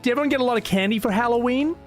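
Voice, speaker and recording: A man's voice: very high voice, very fast, soft background music, pitched above the performer's own voice. A man putting on the voice of a nervous, polite young boy gamer. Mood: timid.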